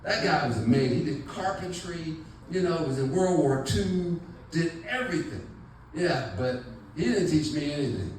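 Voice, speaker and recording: Chatty male stand-up comic, lively voice. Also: on the high side, moderate pace, very echoey, far from the mic, a little hiss or hum, poor audio. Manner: rambling, chatty, many fillers. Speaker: stand-up comedian. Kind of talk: stand-up comedy set. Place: comedy club stage with audience. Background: audience laughter.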